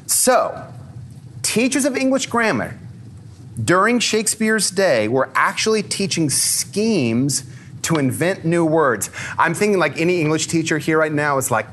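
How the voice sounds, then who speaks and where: A man giving a lively, conversational talk to a live audience, peppering his speech with fillers and questions for the crowd. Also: a little high, normal speed, a little hiss or hum.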